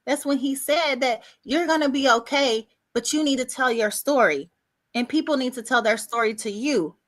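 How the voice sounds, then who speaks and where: A woman guest on a video-call podcast, telling her life story in a casual, animated way and acting out other people's words. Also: high voice, moderate pace.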